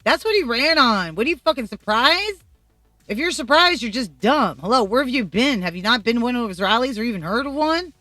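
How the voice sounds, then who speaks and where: A brash middle-aged woman from Colombia runs a casual opinion vlog, swearing freely and speaking bluntly. Her voice is bright and somewhat high, and it sounds close and dry. Faint music plays behind her. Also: animated, fairly quick, no room sound. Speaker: YouTube vlogger.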